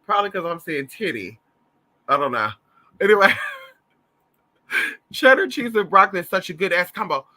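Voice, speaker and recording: A man from Southern Louisiana hosts a casual livestream, gossiping and storytelling with a campy, profane flair. His voice sits a touch high and carries a piercing brightness. It swoops widely as he calls his viewers honey. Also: expressive, normal speed, long pauses. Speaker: livestream host reading chat.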